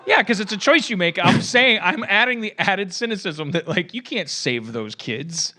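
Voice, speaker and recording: Bright, lively man tossing quips. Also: high-pitched. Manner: quick interjecting quips, frequent laughter. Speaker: podcast host. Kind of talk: casual comedic banter.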